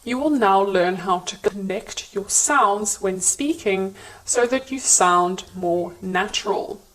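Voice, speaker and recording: Slow, measured woman teaching pronunciation. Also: medium pitch, rough recording. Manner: clear, measured teaching delivery. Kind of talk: scripted lesson narration.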